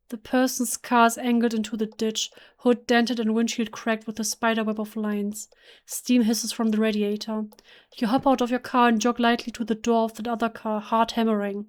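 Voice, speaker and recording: A German-native woman reads horror game narration aloud, hushed and emotional, often stumbling and restarting mid-word. Her voice sits fairly high but moves little in pitch. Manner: emotional, hushed, with self-corrections. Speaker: let's play gamer. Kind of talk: reading game text aloud.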